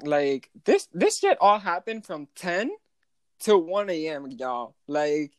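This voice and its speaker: A young adult telling a story from night shifts at a hotel front desk, animated and swearing, with many "like" fillers and some Spanish phrases. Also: medium pitch, takes it slowly, dry recording. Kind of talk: casual storytime vlog.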